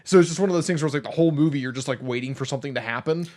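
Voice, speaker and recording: A man's voice: fairly high pitch, racing, a little mellow. A man co-hosting a casual podcast chat, spinning theories in long, rambling runs with lots of fillers. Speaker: podcast co-host.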